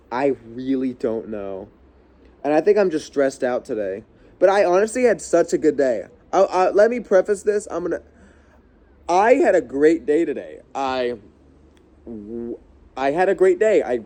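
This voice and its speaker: A man's voice: on the high side, dark tone. Heated rambling young man ranting. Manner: heated, swearing, rambling with frequent restarts. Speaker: vlogger. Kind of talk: casual ranting monologue.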